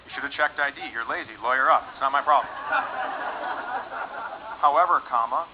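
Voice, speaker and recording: A man doing a stand-up comedy set on a club stage, deadpan and sarcastic, switching into put-on voices for the people in his jokes. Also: mid-range voice, a little fast, very noisy. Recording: lo-fi recording with loud audience laughter. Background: audience laughing.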